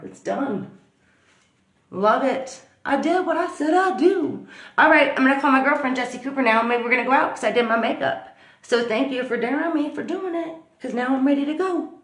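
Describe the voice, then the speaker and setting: A woman vlogger telling a story in a chatty, animated way, full of fillers. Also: fairly high pitch, echoey room. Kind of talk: casual storytelling to camera. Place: at home.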